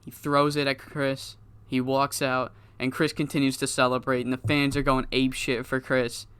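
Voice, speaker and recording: A man's voice: mid-range voice, level tone, moderate pace, a bit bright, clean tone. A man giving loose, rambling, profane commentary on his game, laughing at himself now and then. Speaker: gaming YouTuber.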